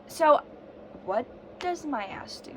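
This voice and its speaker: Sick with a fever and a sore throat, a young vlogger tells a story in a casual video, ranting dramatically and cursing a lot. She speaks slowly in a high, animated, slightly bright voice, and faint hiss or hum can be heard.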